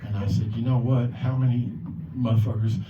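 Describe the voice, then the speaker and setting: A man's voice: mid-range voice, fairly even intonation, brisk, background noise. A man doing a rambling, profane stand-up set as the open mic host, acting out the voices of the people he quotes. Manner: profane, rambling, swears a lot. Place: bar or club stage. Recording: echoey, lo-fi, from far off.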